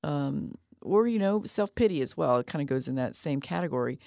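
A woman co-hosting a radio talk show, chatting casually with quick asides and laughs. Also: low-pitched, lively intonation, vocal fry, mellow, no echo, clean studio sound. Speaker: radio co-host. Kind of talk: casual chat.

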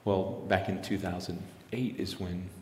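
A man's voice: low voice, level tone, unhurried, roomy sound, big-room sound, slight background noise. A man in his forties telling a personal story in an interview, earnest, often restarting his sentences. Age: 40s. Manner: earnest, retelling with quoted dialogue, frequent restarts. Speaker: interviewee, missionary pastor.

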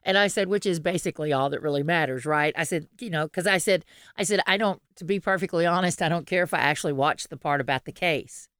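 A woman's voice: deep voice, fast talker, a bit bright, no room sound, clean studio sound. A woman, co-hosting a podcast in casual, rambling chat, laughing often and restarting her sentences. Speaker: podcast co-host.

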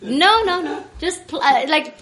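A woman's voice: high voice, expressive, measured pace, a bit bright. A woman co-hosting a podcast, chatty and upbeat, laughing often as she talks. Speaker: podcast co-host. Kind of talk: casual chat.

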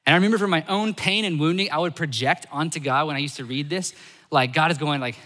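Bright-voiced animated male preacher. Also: on the high side, fast talker, big-room sound. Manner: animated, swings between loud emphasis and soft asides. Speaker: pastor. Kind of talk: sermon.

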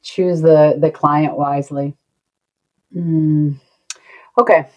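Sales consultant guest, female, lower voice, thoughtful, halting. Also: steady tone, darkish tone, highs cut off. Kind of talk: conversational interview.

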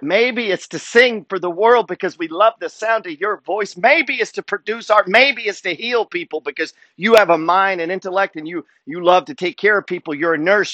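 A man's voice: sits high, sharp tone, no echo. A man giving a motivational monologue as a wealth and trading coach, emphatic and preacher-like, swearing freely.

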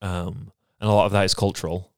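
This is a man from England with a very deep voice. He talks in a soft, reflective, halting way during a candid podcast chat. The sound is dry and close, with no room echo. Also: level tone. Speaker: podcast co-host. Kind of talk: candid personal conversation.

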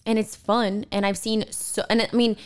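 A woman's voice: mid-range voice, flat delivery, normal speed, clear, resonant tone. A young woman vlogger in casual chat, talking openly and chattily, full of "like" and "quote unquote".

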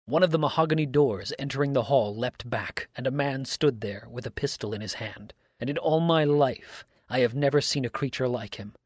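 A man's voice: mid-range voice, moderate pace, few pauses, slightly rough, no echo, clean studio sound. Grave man reading a mystery story. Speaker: story reader.

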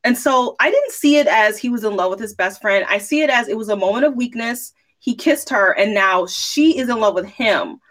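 A woman's voice: fairly high pitch, lively intonation, moderate pace, hardly any pauses. Critical woman picking apart a book. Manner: critical, explains her view at length. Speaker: podcast co-host. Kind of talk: casual book review chat.

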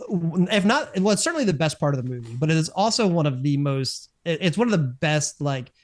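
Chatty man with a bright pitch. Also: sing-song, a little fast. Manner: rambling, self-correcting, chuckles. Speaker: podcast co-host. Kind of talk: casual chat.

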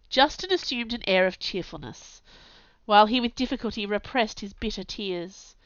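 A woman narrating a dramatic audiobook reading in an anguished, intense, theatrical way, dropping to hushed tones at times. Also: mid-range voice, moderate pace, no echo. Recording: slightly dull, dry recording.

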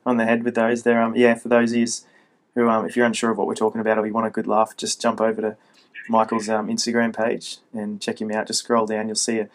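A man's voice: on the low side, completely flat delivery, fast talker. A man hosting a casual interview, friendly and matey, with plenty of fillers. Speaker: host.

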